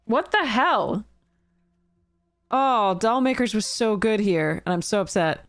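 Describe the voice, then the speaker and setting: A woman's voice: mid-range voice, expressive, takes it slowly, no room sound, clean studio sound. A woman streaming a card game draft, thinking aloud in casual commentary and laughing at her own mistakes.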